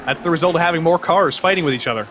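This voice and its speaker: A man's voice: on the high side, racing. A man giving color commentary on a sim race, chatty and playful, drifting into tangents. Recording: background race car noise.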